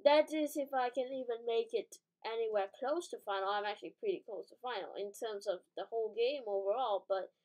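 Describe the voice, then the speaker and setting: A woman's voice: on the high side, fairly quick, few pauses, darkish tone, rough recording. A woman giving casual, rambling gameplay commentary, correcting herself as she thinks aloud, with sudden startled outbursts. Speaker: gaming channel host.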